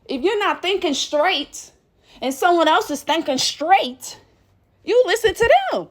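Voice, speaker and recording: High-voiced woman ranting bluntly. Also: unhurried. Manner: blunt and profane, animated storytelling. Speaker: vlogger. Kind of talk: casual monologue rant.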